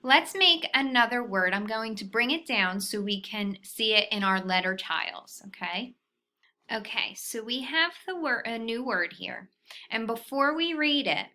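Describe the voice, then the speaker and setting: A woman teacher walking young children through a phonics lesson, patient and deliberate, checking in often with a soft "okay?". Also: medium pitch.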